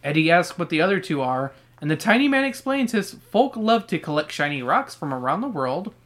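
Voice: medium pitch, brisk. A podcast host reading a children's book aloud and riffing on it with profane, sarcastic jokes. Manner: profane, sarcastic, swings from flat reading to loud outbursts.

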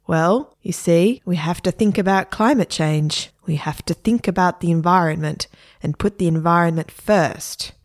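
A bossy, preachy official lady who lectures without letting up, as a woman reading aloud puts her on. The voice sits a little low for a woman and presses each demand firmly, like a storybook inspector. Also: normal speed, lightly acted. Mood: stern, preachy. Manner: lecturing, insistent. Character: bossy female energy-saving official, preachy.

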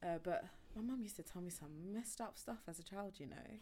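A woman's voice: fairly low pitch, fairly quick, slight background noise. A woman co-hosting a podcast, telling stories in casual chat and laughing often. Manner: laughing, animated storytelling. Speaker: podcast co-host.

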